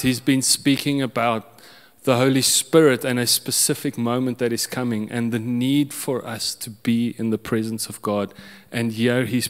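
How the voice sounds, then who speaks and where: Slow-speaking preacher man. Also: mid-range voice, clear, resonant tone, in a large hall. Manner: personal storytelling with frequent restarts and chuckles. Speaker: pastor. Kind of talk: sermon.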